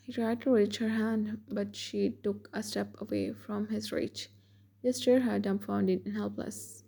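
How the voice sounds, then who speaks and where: Husky woman reading a romance story. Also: mid-range voice, fairly even intonation, normal speed, warm tone. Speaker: story narrator. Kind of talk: scripted fan fiction narration.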